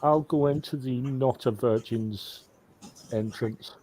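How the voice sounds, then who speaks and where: A man's voice: medium pitch, slow pace, warm tone, poor audio. A man playing a tabletop game, making wry jokes. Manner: wry, joking. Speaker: player. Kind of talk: casual tabletop game chat.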